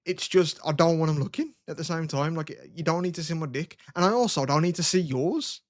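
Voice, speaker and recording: Young man, podcast host, fairly high voice, rambling crude stories, dry close sound. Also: a little fast, no echo. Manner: rambling storytelling, swears a lot. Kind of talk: crude casual chat.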